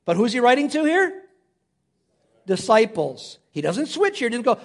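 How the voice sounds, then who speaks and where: A male pastor preaching an earnest sermon, slowing down and dropping low when reading scripture. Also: huge pitch swings, gravelly.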